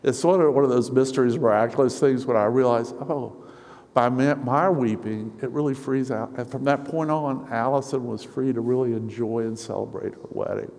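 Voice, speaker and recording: A middle-aged male pastor preaching a sermon to his congregation, earnest and personal, with soft storytelling asides. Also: mid-range voice, gravelly. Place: church sanctuary. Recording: reverberant hall.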